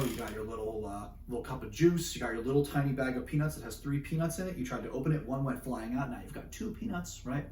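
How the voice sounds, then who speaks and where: A man teaching a class, lively and animated, acting out little scenes and checking in with "right?" all the time. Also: mid-range voice, a little hiss or hum. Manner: animated, acts out scenarios with voices, keeps asking "right?". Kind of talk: classroom lecture. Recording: roomy echo, mic at a distance.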